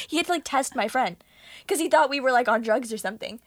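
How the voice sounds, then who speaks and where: A young woman tells a story on her podcast in a bright, slightly high voice, laughing often as she talks. The sound is dry and close, with no room around it. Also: quick pace, no echo. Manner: giggly, laughs through her stories. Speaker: podcast co-host. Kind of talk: casual storytelling chat.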